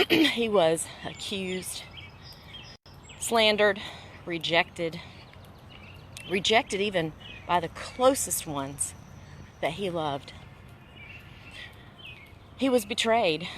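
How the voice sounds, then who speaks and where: A woman's voice: on the low side, expressive, extremely slow, long pauses, a bit bright, slight background noise. A woman host sharing a personal faith testimony in casual conversation, earnest and emphatic, repeating phrases for weight. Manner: earnest preaching tone.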